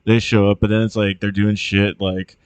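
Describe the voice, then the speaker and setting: A man's voice: fairly low pitch, flat delivery, normal speed, clear, resonant tone, no room sound. A man co-hosting a podcast in casual chat, rambling and profane with lots of fillers. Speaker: podcast co-host.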